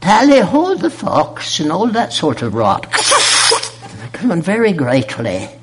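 A man's voice: high voice, wildly swooping pitch, slow, a bit bright, slight background noise, voice pushed up, heavily acted. A man voicing a pompous American oil magnate who has taken on affected upper-class British airs. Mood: haughty.

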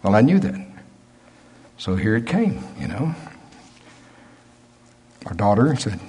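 Older man, preacher, sermon, folksy storytelling, husky voice. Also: fairly low pitch, big pitch swings, takes it slowly, long pauses, a little mellow.

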